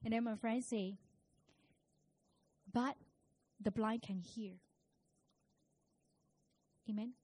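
A woman's voice: on the high side, fairly even intonation, extremely slow, pauses often. Woman preaching a sermon. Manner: storytelling, rising to loud emphatic preaching.

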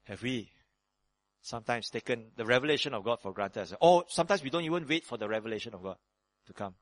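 A man preaching a sermon as pastor, acting out prayers in quick shifts of voice. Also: no echo. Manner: lively preaching, acts out prayers in sudden higher voices.

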